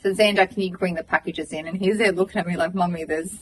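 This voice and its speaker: An Australian woman in her thirties, co-hosting a podcast, tells a long story in casual chat, animated and swearing as she acts out what people said. Her voice is on the low side and fast. The audio is poor, with a distant mic and slight background noise.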